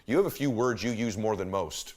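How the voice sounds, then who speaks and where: A man's voice: lowish voice, a little fast, a little mellow. A man giving a motivational talk, speaking emphatically, repeating his key phrases and shifting his pace and volume to make a point.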